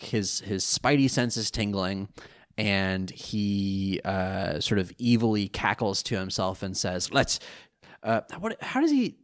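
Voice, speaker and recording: A man in his thirties co-hosting a podcast in casual chat, rambling, self-deprecating and laughing often. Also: fairly low pitch. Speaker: podcast co-host.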